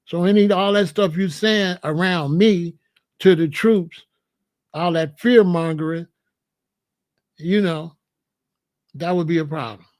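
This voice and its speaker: High-voiced guy, aave, preachy and in your face, dry close sound. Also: slow pace, pauses often, a little mellow, no echo. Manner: confrontational, repeats questions, preachy. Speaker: host answering a viewer. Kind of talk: live-stream commentary.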